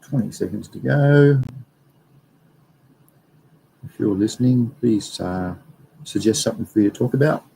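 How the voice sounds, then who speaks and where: A man's voice: on the low side, unhurried, vocal fry, pauses often, mellow, a little hiss or hum, poor audio. A young man hosting a casual livestream, rambling and reading out viewer comments. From Australia. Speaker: livestream host.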